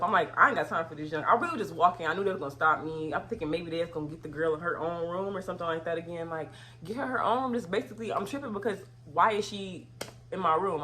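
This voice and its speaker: Young woman, casual storytime vlog, lowish voice, breaks into loud outraged retellings. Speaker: vlogger.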